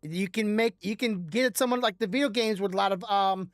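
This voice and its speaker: A woman's voice: medium pitch, a little fast, dry recording, clean studio sound. A woman co-hosting a podcast in casual chat, rambling as she explains with examples. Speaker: podcast co-host.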